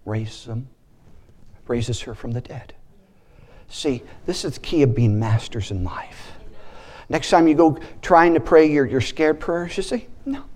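A man preaching a sermon as a guest speaker, animated, breaking into shouted praises and acting out the voices in his stories. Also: mid-range voice, measured pace.

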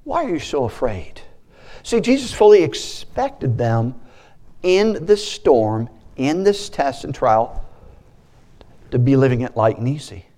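Animated male preacher with swooping delivery. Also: mid-range voice, slow. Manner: animated, with joking asides. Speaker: pastor. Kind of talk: sermon.

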